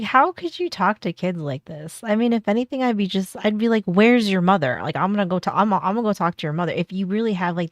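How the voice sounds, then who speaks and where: A woman's voice: fairly low pitch, dry recording. A woman streamer giving casual, rambling reaction commentary, exasperated and stumbling over her words.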